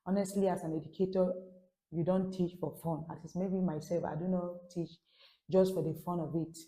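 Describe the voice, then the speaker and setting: A woman's voice: lowish voice, steady tone, normal speed, dark tone. A woman teaching a French class online in a chatty way, musing aloud to her viewers. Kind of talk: casual online lesson. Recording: roomy echo.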